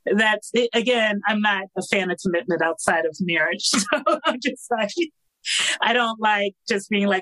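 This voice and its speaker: A woman's voice: mid-range voice, normal speed, a bit bright, no echo, rough recording. A woman author in a casual interview, chatty and laughing often, with many fillers. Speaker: romance author guest.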